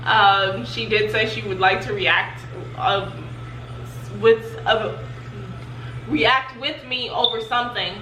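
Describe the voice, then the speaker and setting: A young woman with a bright, sharp tone who hosts her channel in loose, chatty talk full of fillers. Her voice sits back from the mic in a roomy space with faint noise behind it. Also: a little high, steady tone, slow pace, far from the mic. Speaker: channel host. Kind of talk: casual vlog chat.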